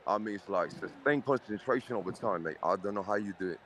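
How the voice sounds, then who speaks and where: A man chatting over an online voice call, his voice sitting fairly low and a clear hiss of noise behind him. He rambles in slangy banter, peppering every line with "mate" and "brother", and puts on a British-style accent. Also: expressive, moderate pace. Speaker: guest in voice chat. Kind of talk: casual banter. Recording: voice chat with clear background noise.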